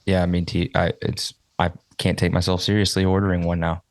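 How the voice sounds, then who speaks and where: A man hosting a casual podcast, his voice very deep and held in a flat, even tone. He keeps his replies short and easygoing, dropping in a swear now and then. The sound is close and dry. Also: a little fast, dry recording. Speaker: podcast host. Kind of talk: casual chat.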